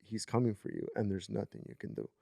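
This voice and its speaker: A man voicing an eerie, crying little ghost girl who repeats a quiet warning. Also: fairly low pitch, huge pitch swings, fast talker, creaky, dry recording, clean studio sound, full character voice. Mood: ominous.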